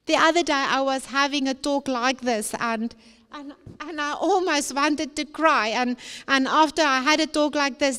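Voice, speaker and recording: A woman speaks slowly and deliberately, her high voice carrying an emphatic, preacher-like rhythm. She repeats phrases for weight as she addresses young people, and her words ring out with a long reverb across a large conference hall. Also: a bit bright. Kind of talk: motivational talk to young people.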